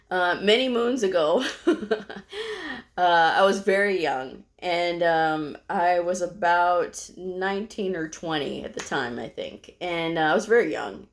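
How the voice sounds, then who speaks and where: A middle-aged woman from Texas speaks to her viewers in a casual, meandering storytelling style. Her voice sits slightly low, and she fills her sentences with "you know" and small fillers. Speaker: medical coder vlogger.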